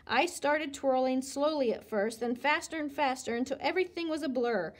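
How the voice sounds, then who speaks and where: A woman reading a children's chapter book aloud in an expressive way. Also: high voice, moderate pace. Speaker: reader.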